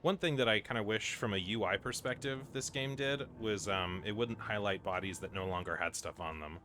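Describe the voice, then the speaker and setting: A man's voice: fairly low pitch, brisk, bright, forceful tone, slight background noise. A man streaming a video game, chatting casually with lots of fillers and wry asides. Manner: rambling, filler-heavy, wry. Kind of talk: casual gameplay commentary.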